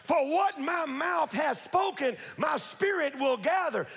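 A man preaching a sermon as pastor, building to shouts and repeating phrases, recorded in an echoey church hall. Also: very high voice, expressive, unhurried, creaky. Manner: preaching with rising shouts and repetition. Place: church sanctuary. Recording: echoey hall with long reverb.

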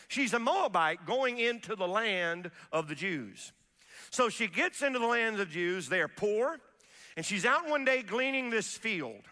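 Animated preacher man, bright and echoing. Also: high voice. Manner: animated preaching with folksy asides and call-outs to the congregation. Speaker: pastor. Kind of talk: sermon.

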